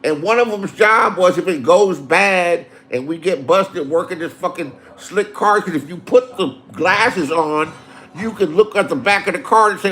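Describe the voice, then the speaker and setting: Profane, animated Los storyteller man. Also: high-pitched, moderate pace. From Inglewood, Los Angeles. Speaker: host telling stories. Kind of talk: casual storytelling.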